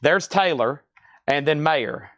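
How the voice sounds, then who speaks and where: A man's voice: fairly high pitch, slow pace, fairly bright tone, dry recording. Chatty man hosting a live record sale. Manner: chatty, addresses buyers by name. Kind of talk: live-stream sales patter.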